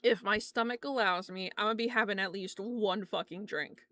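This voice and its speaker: A young woman streamer telling stories in a casual chat, animated, swearing often and laughing between lines. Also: medium pitch, normal speed.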